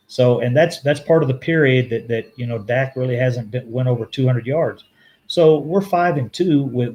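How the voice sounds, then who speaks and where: A man's voice: mid-range voice, dark tone. Male live-stream host, mid-range voice, casual and rambling, stumbles and self-corrects often. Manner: rambling, halting restarts, frequent self-corrections; laughs easily, chats with viewers. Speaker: fan show host reading live chat.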